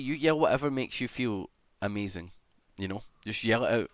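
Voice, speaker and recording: A man streaming live, chatting casually as he reads and answers comments, with sudden excited shouts. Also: on the low side, normal speed, clear, resonant tone, no echo, studio quality. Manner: chatty, greets viewers, bursts into excited shouts.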